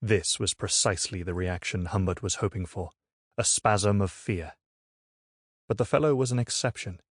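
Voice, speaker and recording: A man narrating an audiobook in a measured, even storytelling manner. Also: lowish voice, no room sound, studio quality. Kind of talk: scripted narration. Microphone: studio microphone.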